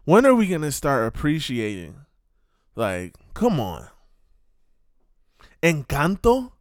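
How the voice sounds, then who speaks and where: A man's voice: on the high side, huge pitch swings, slow, no echo, clean studio sound. A man giving a casual, ranting monologue full of repeated rhetorical questions and streetwise slang.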